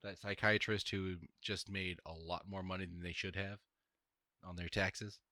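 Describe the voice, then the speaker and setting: A man's voice: deep voice, fairly even intonation, moderate pace, bright, forceful tone, no echo, studio quality. A man co-hosting a casual podcast over a video call, ranting with heavy swearing. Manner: profane, heated ranting. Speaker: podcast co-host.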